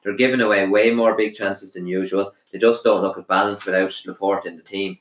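A man's voice: deep voice, steady tone. A man co-hosting a casual football podcast, giving firm opinions and listing players. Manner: opinionated, lists players rapidly. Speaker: podcast co-host. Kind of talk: casual sports podcast chat. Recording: roomy echo.

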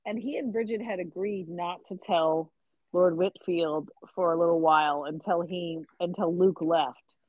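A woman's voice: lowish voice, steady tone, unhurried, no echo, phone-quality sound. A woman co-hosting a podcast, chatting casually about a book and acting out the characters' lines. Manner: chatty, acts out characters' lines, laughs easily. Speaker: podcast co-host. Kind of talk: casual chat recapping a mystery novel.

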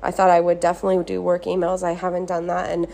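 A woman's voice: on the low side, monotone, quick pace, vocal fry, warm tone. A woman hosting a solo podcast, talking earnestly and casually with lots of "like", recorded on a phone in a hotel room. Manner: casual, earnest, heavy use of "like". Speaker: podcast host. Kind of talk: reflective solo podcast monologue. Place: hotel room at a beach resort.

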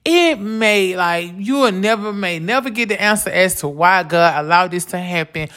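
Bright-voiced woman sharing her grief. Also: lowish voice, normal speed. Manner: casual, repeats "like" often, earnest. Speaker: podcast host. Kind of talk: heartfelt personal talk on grief and faith.

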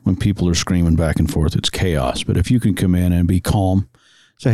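A man's voice: low voice, fairly even intonation, moderate pace, a little mellow, dry recording. A middle-aged man, a firefighter-paramedic and father, talking plainly in a casual podcast conversation, often stammering and repeating words.

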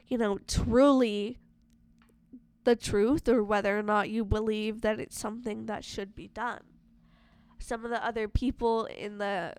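A woman's voice: fairly high pitch, smooth, dry recording. A young woman casually discussing a movie, chatty and full of filler words.

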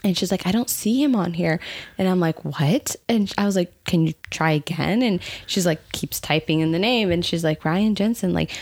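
A young woman casually telling a personal story with her husband, animated, laughing often and full of fillers. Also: lowish voice, normal speed, slightly rough. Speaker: co-host.

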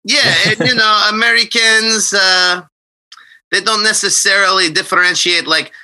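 A man's voice: sits high, fairly even intonation, a little slow, bright, forceful tone, poor audio. A man from Ukraine, a musician guest chatting casually, laughing often and joking. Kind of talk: casual chat.

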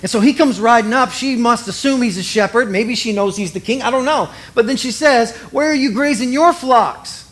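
A middle-aged man preaching in an animated, conversational way, acting out both sides of the dialogue he retells. His voice sits high for a man. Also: brisk, few pauses. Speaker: pastor. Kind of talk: sermon.

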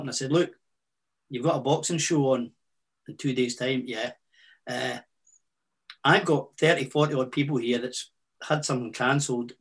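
In a casual interview, a man from Scotland in his sixties, speaking with a Fife accent, tells army boxing stories. His delivery has halting restarts and broad Scots words, with a medium pitch and a breathy edge.

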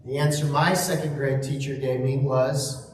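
A man preaching a sermon slowly and reflectively, asking rhetorical questions. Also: medium pitch, flat delivery, a little hiss or hum. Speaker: pastor. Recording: echoey room, mic at a distance.

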